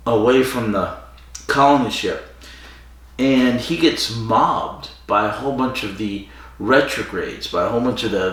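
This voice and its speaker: A man co-hosts a casual podcast, recapping an episode's plot in a rambling way full of fillers and restarts. His voice is lowish with a fairly bright tone, and the recording sounds roomy and distant from the mic.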